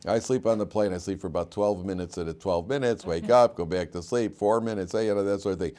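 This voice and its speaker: A middle-aged man, a rabbi teaching a Torah class, who stretches key phrases slowly and loudly, quizzes his students and drops low and quiet for wry asides.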